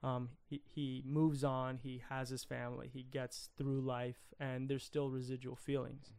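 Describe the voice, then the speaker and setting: A man's voice: medium pitch, level tone, unhurried, gravelly, darkish tone, clear, resonant tone. A young man co-hosting a podcast, talking over a film in an earnest, reflective way. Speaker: podcast co-host. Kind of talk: casual film discussion.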